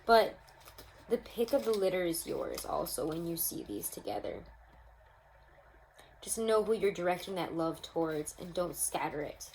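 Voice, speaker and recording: Young woman, lowish voice, casual upbeat tarot reader, home camera mic. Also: lively intonation, normal speed, a little mellow, a little hiss or hum, rough recording. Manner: chatty, upbeat, addresses viewers as guys. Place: home room.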